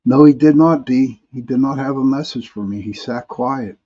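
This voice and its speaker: A man's voice: medium pitch, normal speed, breathy edge, dull audio. A man hosting a live paranormal talk stream, reading viewer comments in a rambling way, often restarting and repeating words.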